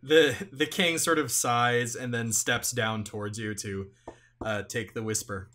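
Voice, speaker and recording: A man running a tabletop role-playing game as game master, narrating haltingly with many fillers and restarts and voicing a king. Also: mid-range voice, steady tone, sharp tone.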